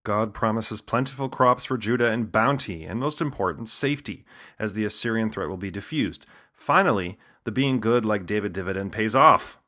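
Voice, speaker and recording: A man's voice: fairly low pitch, normal speed, bright, forceful tone. Wry man narrating with casual asides. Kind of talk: humorous scripted narration.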